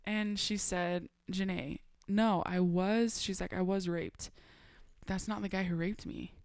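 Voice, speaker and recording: A young adult woman on a podcast telling a personal story in a casual, animated way. She laughs often and acts out the dialogue she quotes. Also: lowish voice, unhurried, no room sound, studio quality. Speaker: podcast guest.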